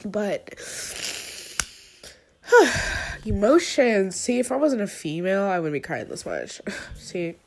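A woman's voice: sing-song, moderate pace, a little mellow. A young woman with a stuffy nose, rambling candidly and swearing through a personal voice update after a long, emotional day. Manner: rambling, candid, swearing, swings between low mumbling and high tearful outbursts.

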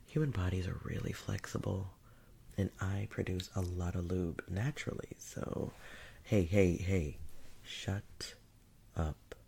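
Whispered role-play: a slow, deep-voiced, dominant creature that mocks and teases, acted by a man, with a faint noise floor. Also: a little mellow. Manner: taunting, breathy, often whispered, with chuckles. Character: dominant, mocking non-human male creature.

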